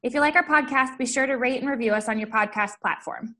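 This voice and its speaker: Woman, high voice, podcast co-host, casual chat, teasing. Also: bright, forceful tone. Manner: teasing, quick to laugh.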